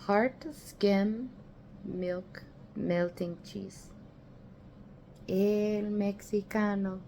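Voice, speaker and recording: A woman hosting a casual cooking vlog from her home kitchen, rambling and chatty with the odd swear word. Her voice sits on the lower side and she talks slowly, with a faint hum of room noise behind her. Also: gravelly, darkish tone, low-quality recording. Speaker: vlogger host.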